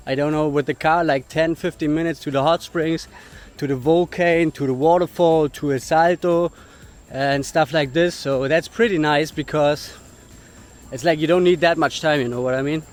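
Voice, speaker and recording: A man's voice: on the high side, steady tone, normal speed. A man with German as his first language, chatting casually as a travel vlogger outdoors on a hiking trail, out of breath from the climb and laughing often.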